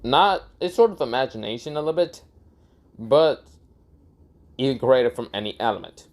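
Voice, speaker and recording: A man improvising a fan story out loud in a casual, swearing, often laughing way, with frequent restarts. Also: mid-range voice, expressive, moderate pace.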